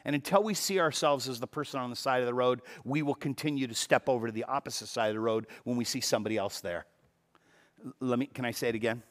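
A male pastor preaching a sermon with animated delivery, dropping to hushed tones and rising to loud emphatic bursts, often repeating words for emphasis. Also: medium pitch, fast. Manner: repeats words for emphasis, breaks into quoted dialogue.

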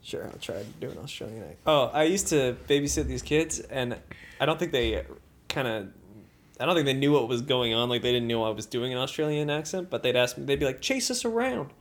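A man's voice: mid-range voice, a little fast, a little hiss or hum. A man co-hosting a podcast, chatting casually in an easygoing, jokey way. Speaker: podcast co-host. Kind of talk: casual chat.

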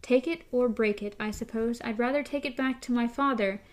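A woman reading out a calm young man's lines in her own measured voice. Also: fairly high pitch, natural voice. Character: young man, calm steady gunslinger.

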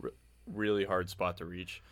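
A young man with a lower voice tells a story at normal speed as a podcast co-host. It's casual podcast storytelling, and he's an animated storyteller who acts out quotes.

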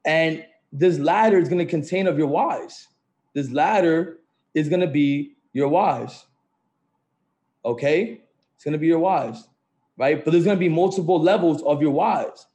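Male motivational host, slightly higher voice, upbeat and repetitive, talking over a video call. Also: measured pace, a little mellow. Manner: upbeat, repetitive, keeps saying "right?" and "family". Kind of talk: motivational group call talk.

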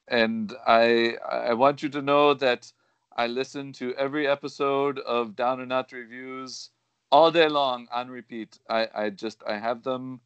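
A man voicing a fawning male caller from a Pacific island, in a put-on foreign accent, halting with many "uh"s. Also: mid-range voice, fairly bright tone, clean tone, dry recording, lo-fi sound. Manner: hesitant, halting, full of "uh".

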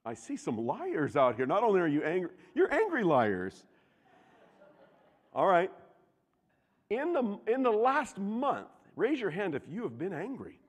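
A man preaching a sermon, animated and jokey, asking the congregation questions. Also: sits high, unhurried, long pauses. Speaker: pastor. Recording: reverberant hall.

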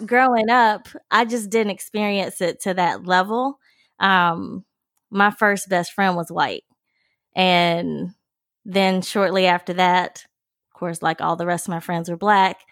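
A woman from Mississippi, co-hosting a podcast in a relaxed, reflective way. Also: fairly low pitch, slow, no room sound, clean studio sound. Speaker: podcast co-host. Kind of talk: casual conversation.

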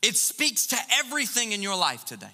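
A man preaching a sermon as pastor, animated and full of rhetorical questions. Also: high voice, fairly quick, big-room sound.

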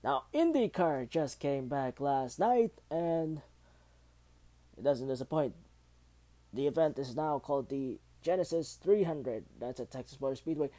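A man hosting a casual homemade news roundup, halting and rambling, with many fillers and restarts. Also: mid-range voice, expressive, mellow. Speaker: host of a homemade news show.

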